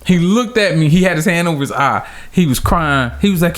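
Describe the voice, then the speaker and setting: A man tells a story on a casual podcast, laughing often. His voice sits a little high for a man, and he jumps even higher when he acts out what people said. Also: moderate pace. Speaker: podcast co-host.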